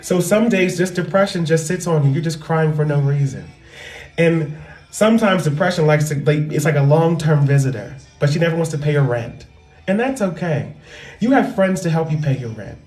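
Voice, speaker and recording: A woman comedian talking loudly and animatedly in a casual, profane monologue into a microphone. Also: low-pitched, expressive, moderate pace. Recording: roomy echo with faint music.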